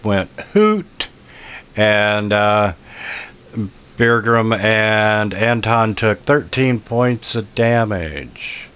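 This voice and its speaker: A man's voice: lowish voice, steady tone, extremely slow, a bit bright, clean tone. A man running a tabletop game as game master, describing scenes hesitantly with many fillers, on dull lo-fi audio.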